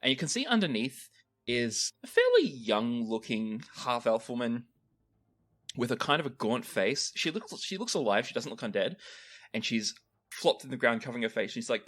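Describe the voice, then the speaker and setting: A man running a tabletop game, his narration rising and falling in pitch. He tells the action with energy and often restarts his phrases. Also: normal speed. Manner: lively, animated narration with frequent restarts. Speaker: game master.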